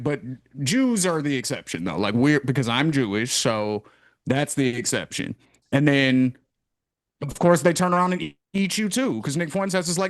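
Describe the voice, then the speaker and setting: A man's voice: on the high side, moderate pace, no echo. Podcast host guy ranting, lots of swearing, dry close sound. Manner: profane, animated ranting. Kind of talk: casual podcast chat.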